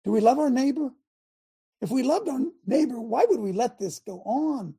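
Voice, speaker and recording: A man hosting a talk show, preaching in a fiery monologue that shouts for emphasis. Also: extremely high pitch, animated, moderate pace, gravelly, slightly rough.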